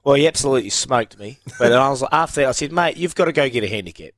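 A man's voice: medium pitch, animated, very fast, fairly bright tone, no room sound. A male radio host in casual studio chat, talking to listeners and telling golf stories with frequent restarts. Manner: chatty, frequent restarts, talks straight to listeners.

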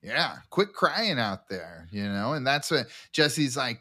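Man, podcast co-host, bright voice, laughs a lot, acts out quotes, casual recap chat. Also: mid-range voice, takes it slowly. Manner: laughs often, quotes lines in excited voices.

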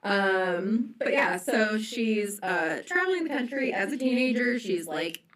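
A woman's voice: fairly high pitch, animated, measured pace, fairly bright tone, poor audio. A young woman telling a history story on a casual podcast, chatty and full of ums and likes.

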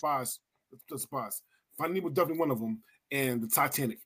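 A man hosting a casual podcast, animated and blunt, swearing and laughing often as he runs a movie bracket. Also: medium pitch, fast talker, husky. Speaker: podcast host.

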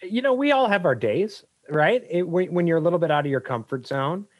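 Energetic storytelling male business coach. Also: fairly high pitch, brisk, dry recording. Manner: energetic, anecdotal, animated storyteller. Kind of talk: podcast interview storytelling.

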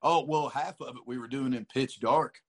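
A man's voice: medium pitch, normal speed. A man as a guest in a casual chat, easygoing, swearing and calling people dude and buddy.

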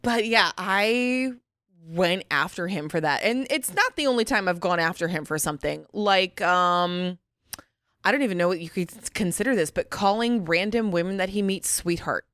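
A woman's voice: on the low side, lively intonation, normal speed, a bit bright, no room sound, clean studio sound. A woman co-hosting a podcast, chatty and joking, laughing often as she talks. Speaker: podcast co-host. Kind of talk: casual chat.

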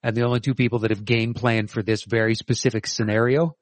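A man's voice: mid-range voice, little pitch movement, quick pace, dry recording. A middle-aged man co-hosting a podcast in casual chat, thinking aloud with hesitant ums and likes. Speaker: podcast co-host.

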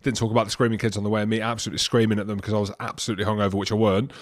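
A man's voice: on the low side, little pitch movement, racing. A man co-hosting a podcast, telling stories in boisterous, teasing banter. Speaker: podcast co-host. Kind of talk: casual banter.

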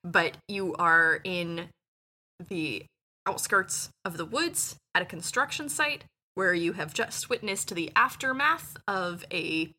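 A woman's voice: on the low side, lively intonation, takes it slowly, bright, forceful tone. A woman running a tabletop horror game as game master, playful and joking.

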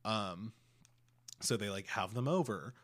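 A man's voice: lowish voice, a little slow, a bit bright. A young man co-hosting a podcast in casual chat, rambling with lots of filler words. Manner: rambling, heavy use of "like". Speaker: podcast co-host.

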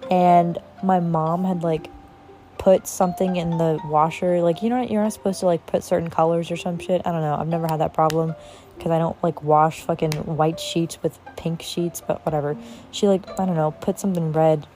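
A woman's voice: fairly low pitch, steady tone, moderate pace, warm tone, faint music behind. A young woman telling a personal story in a casual monologue, with lots of "like" and frequent swearing. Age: young adult. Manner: casual, heavy use of "like", swears freely, quotes others in acted voices. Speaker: podcast host.

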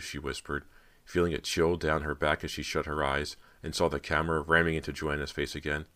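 Very deep bright male narrator. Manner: steady, measured storytelling. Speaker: audiobook narrator. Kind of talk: scripted audiobook narration.

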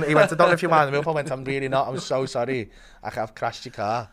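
A man telling a story as a comedian guest, swearing a lot and acting out quotes with big swings in loudness. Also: a little high, a little fast, crowd noise. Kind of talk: animated storytelling.

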